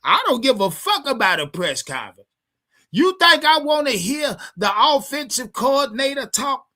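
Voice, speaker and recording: This sports fan streamer has a very high, pushed and bright voice, delivered in a very animated way at a moderate pace. He vents to his livestream chat about his football team, swearing and circling back over the same things.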